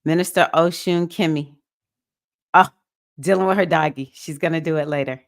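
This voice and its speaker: A woman, hosting a spiritual livestream circle, chatting with viewers and breaking into sudden high whoops. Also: normal speed. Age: 50s.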